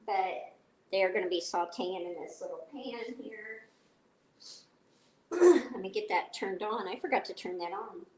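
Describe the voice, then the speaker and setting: Slow-talking woman chatting while cooking. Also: medium pitch, lively intonation, a little mellow. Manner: chatty, greets viewers by name, rambling stories. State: stuffy, blowing her nose. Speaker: homestead live streamer. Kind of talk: casual chat while cooking.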